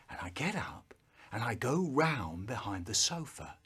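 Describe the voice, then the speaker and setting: A man telling a comic childhood story in an animated, playful way, with stuttered sound effects. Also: mid-range voice, unhurried, breathy edge.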